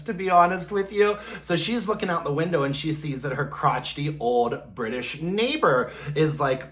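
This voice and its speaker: A vlogger recaps a TV episode in a loose, chatty way. The talk rambles with plenty of filler words and playful spoken sound effects, and the voice sits at a middle pitch. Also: fairly bright tone. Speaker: candle review vlogger.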